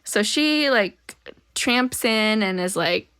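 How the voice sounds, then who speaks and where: A woman's voice: mid-range voice, animated, slow pace, fairly bright tone, smooth, no echo. Woman cohost on a book podcast, giggly, does goofy character voices, dry close mic. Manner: giggly, acts out story characters in silly voices. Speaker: podcast co-host. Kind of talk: casual book chat.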